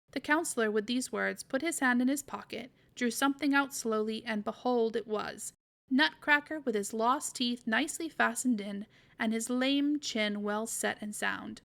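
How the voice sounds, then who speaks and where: A woman storyteller reading a classic story aloud in a measured, expressive way. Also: fairly high pitch, gravelly. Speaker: podcast storyteller.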